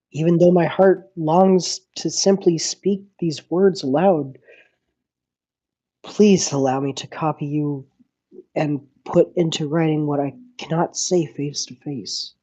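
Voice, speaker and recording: A woman's voice: sits low, mellow, breathy edge, dull audio, pitched below the performer's own voice, exaggerated voice. A woman reading aloud as a loving young male noble who writes a heartfelt farewell letter, earnest and tender.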